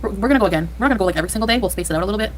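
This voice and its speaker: Excitable woman thanking livestream donors. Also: mid-range voice, racing. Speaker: livestream host. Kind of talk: casual livestream chat reading donations.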